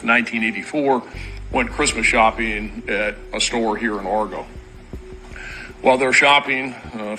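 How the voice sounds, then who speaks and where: A man's voice: lowish voice, bright, forceful tone, low-quality recording. A man, a law enforcement spokesman, briefing reporters in a matter-of-fact way with dry sarcastic asides. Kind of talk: press briefing.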